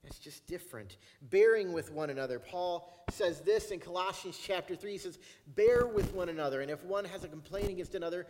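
High-voiced pastor preaching in a reverberant hall. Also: male voice, darkish tone. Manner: conversational preaching, slowing down to stress key phrases. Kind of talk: sermon. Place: church sanctuary. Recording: long reverb of a church hall.

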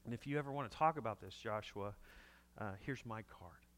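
In an echoey hall with a long reverb tail, a fairly quick man with a lowish voice delivers sermon storytelling, animatedly voicing every character's dialogue. Slight background noise is audible.

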